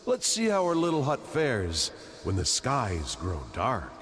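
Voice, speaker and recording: An actor voicing a disapproving, theatrical father figure in a game, lecturing in a slow, grand manner. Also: mid-range voice, wildly swooping pitch, noisy background. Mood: mocking, ominous. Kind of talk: game voice acting. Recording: game audio with music underneath.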